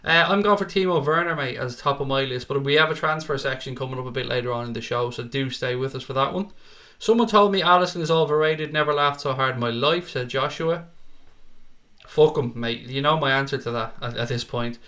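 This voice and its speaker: A man's voice: mid-range voice, fast talker, few pauses, sharp tone. A young man hosts a casual football live stream, reading out viewer comments and calling people mate and pal.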